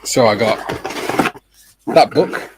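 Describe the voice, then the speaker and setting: A man's voice: mid-range voice, slow pace, very noisy. A man chatting casually on a livestream, mostly brief remarks and agreement. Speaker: livestream co-host. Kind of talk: casual chat.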